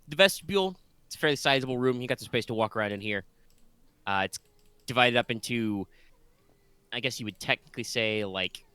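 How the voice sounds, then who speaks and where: A man narrating as game master, his voice low-pitched but bright and forceful, with a stuffy, nasal edge from congestion. He talks in a chatty, rambling way, full of ums and restarts, and the sound is close and dry. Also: clear, resonant tone, dry recording. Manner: chatty and rambling, with many fillers.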